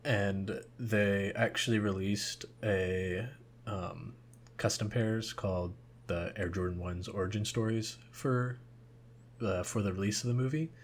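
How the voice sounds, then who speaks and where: A man's voice: on the low side, fairly even intonation, unhurried, a little hiss or hum. A young man co-hosting a podcast in casual chat, rambling and hesitant with many fillers. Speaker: podcast co-host.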